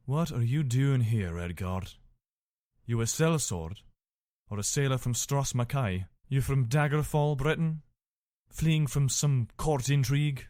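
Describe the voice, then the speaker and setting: A man's voice: medium pitch, dark tone, no echo, studio quality, natural voice. A man voicing a young male soldier in a video game, asking blunt, probing questions. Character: young male Imperial soldier, wary and curious.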